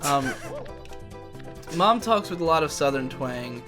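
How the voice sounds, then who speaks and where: A man's voice: fairly high pitch, lively intonation, slow pace, over music. A young man co-hosting a podcast, chatting casually while playing a game and thinking aloud with many restarts. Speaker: podcast co-host. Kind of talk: casual chat while gaming.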